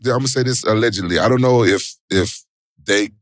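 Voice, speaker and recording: A middle-aged man with a fairly low voice talks casually in slangy speech as an interview guest. His storytelling turns animated, with loud exclamations. The sound is dry and close. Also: brisk, dry recording. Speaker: interview guest, former fighter and actor.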